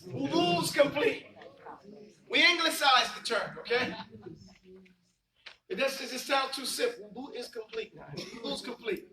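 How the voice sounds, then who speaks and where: A man's voice: very high-pitched, unhurried, pauses often, bright, forceful tone, roomy sound, far from the mic, slight background noise, poor audio. Emphatic man teaching a class. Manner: quizzing students, emphatic and repetitive. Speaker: religious teacher. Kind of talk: classroom lesson with call and response.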